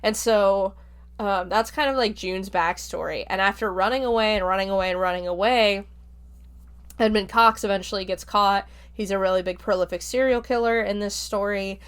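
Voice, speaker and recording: A woman hosting a podcast walks through a book's plot in a relaxed, rambling way and leans on fillers as she goes. Her voice sits in an ordinary middle pitch for a woman. She sounds like she is chatting rather than reading from a script. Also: normal speed, smooth. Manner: chatty, filler-heavy retelling. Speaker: podcast host reviewing a book. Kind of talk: casual spoken plot summary.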